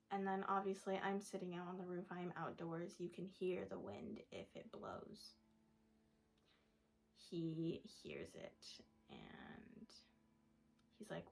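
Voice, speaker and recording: A young woman shares a personal story in a relaxed vlog, her voice soft and often sinking to a whisper. She rambles casually, with plenty of "like," and her tone carries a gravelly fry at a medium pitch. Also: moderate pace. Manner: rambling, full of "like" and "da, da, da". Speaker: vlogger.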